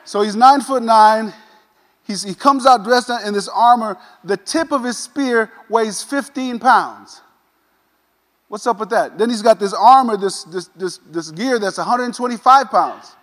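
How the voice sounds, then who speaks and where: A man preaching a sermon, retelling a scripture story in a casual, animated way with modern asides. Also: high voice, measured pace, big-room sound. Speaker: pastor.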